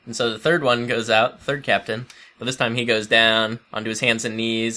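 A man with a low, bright, crisp voice retells stories in a loose, chatty way. He laughs easily and jumps into lively storytelling. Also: normal speed. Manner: animated, laughing storyteller who acts out quotes. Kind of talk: casual chat retelling stories.

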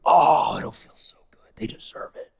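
A man voicing a sly, tempting male devil in a hushed, coaxing whisper, as whispered role-play. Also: unhurried, close to an everyday voice.

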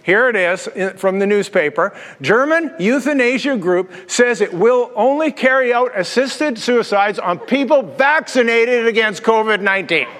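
A high-pitched male pastor preaches with energy, tossing out jokes and rhetorical questions. His voice rings through a large hall with a long reverb tail. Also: expressive, normal speed, few pauses, a bit bright. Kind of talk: sermon.

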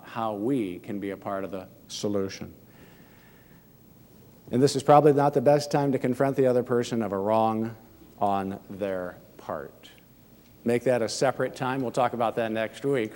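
A man's voice: medium pitch, normal speed, darkish tone, slight background noise. A man preaching a sermon in an earnest way, sometimes acting out what people might say. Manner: earnest, acts out quoted lines. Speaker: pastor. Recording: hall reverb.

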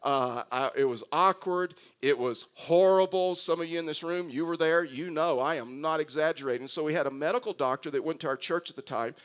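A man's voice: fairly high pitch, a little fast, hardly any pauses, a bit bright, smooth. A male pastor preaching a sermon, telling stories with humor and often restarting his sentences. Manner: humorous storytelling with frequent restarts.

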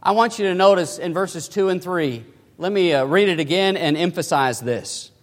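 A man's voice: sits high, moderate pace. A man preaching a sermon as pastor, emphatic and full of rhetorical questions, recorded in a church sanctuary. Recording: long hall reverb.

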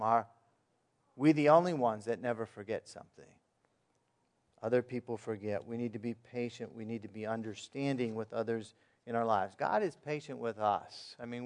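A man preaching a sermon in a plain, conversational way, asking his listeners questions and reading verses aloud. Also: medium pitch. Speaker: pastor.

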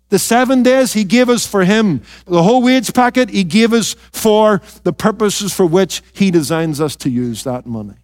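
A male pastor preaching a sermon, emphatic, questioning his listeners and dropping into quiet, intense asides. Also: fairly high pitch, expressive, measured pace, dry recording, studio quality. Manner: addresses listeners directly with rhetorical questions.

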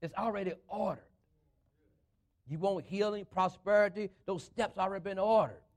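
Speaking at normal speed with a high-sitting voice, a man gives a sermon in an emphatic call-and-response manner. He builds his phrases and drives them home, marked by particular speech patterns.

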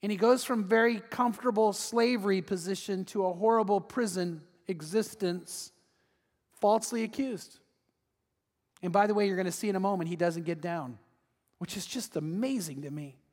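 A man preaching a sermon as pastor, telling the story with animated delivery and acting out the people he quotes. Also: sits high, normal speed, long reverb tail.

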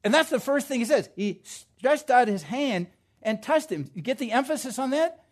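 A male pastor preaching a sermon to his congregation, swinging from quiet asides to loud, emphatic declarations. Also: very high-pitched, expressive, normal speed.

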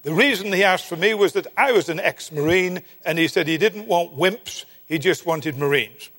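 An older man preaching, telling a personal story in an earnest sermon style that sinks to a hushed tone at tense moments. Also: high voice, normal speed. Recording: long hall reverb.

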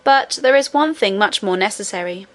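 A woman reading aloud, voicing an old grandmother who speaks calmly and gently. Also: medium pitch, moderate pace, close to an everyday voice. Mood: gentle.

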